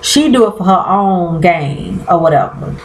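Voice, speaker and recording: A woman's voice: lowish voice, a little slow. Chatty woman recapping a TV episode. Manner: chatty, colloquial, addresses viewers as y'all; animated, trails off and restarts often. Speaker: TV show recapper. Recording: roomy echo.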